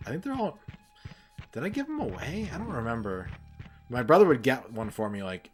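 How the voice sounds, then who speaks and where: A man's voice: medium pitch, big pitch swings, fairly quick. A young man chatting casually while he streams a game, rambling and sarcastic. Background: game music.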